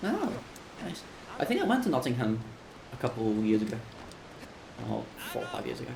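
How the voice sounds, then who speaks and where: Gravelly man chatting. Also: medium pitch, huge pitch swings, a little fast. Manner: rambling, self-correcting, chatty. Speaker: speedrunner streaming. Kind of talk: casual chat with stream viewers while playing. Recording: roomy echo, faint background noise.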